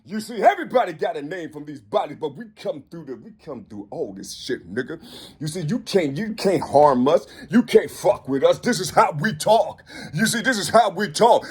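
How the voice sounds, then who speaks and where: A husky man in his fifties with a fairly high voice, rambling through a spiritual monologue. He talks in loops, full of profanity and repeated asides, and climbs into sudden shouts before dropping low again. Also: lively intonation, moderate pace. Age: 50s.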